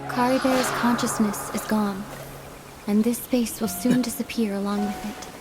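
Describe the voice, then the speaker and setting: A woman voicing a calm young traveler in a game cutscene, speaking softly and thoughtfully in a measured way. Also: a little high, over music, close to an everyday voice. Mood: wistful. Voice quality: soft, hushed, contemplative. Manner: measured, reflective, gently questioning. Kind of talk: video game cutscene dialogue.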